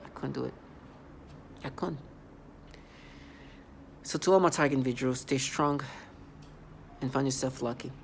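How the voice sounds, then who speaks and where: A vlogger speaking in a halting, repetitive, accusatory monologue. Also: medium pitch, creaky, a little hiss or hum. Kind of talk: angry vlog monologue.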